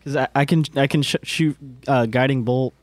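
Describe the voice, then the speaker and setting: A man at a tabletop game making wry jokes at his own expense. His voice is mid-pitched. The sound is dry and close. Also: steady tone, moderate pace, no echo. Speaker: player. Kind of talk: casual tabletop game chat.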